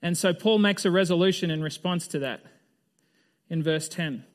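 Speaking at a moderate pace, this high-voiced pastor addresses his congregation in a relaxed, conversational sermon, posing question after question to those gathered. Sentences often get restarted or trail off midway as he keeps going.

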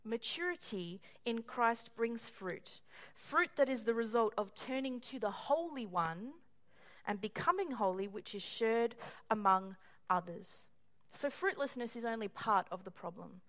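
A woman preaching a sermon in an animated way, acting out quoted voices and adding humorous asides. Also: fairly high pitch, a little slow.

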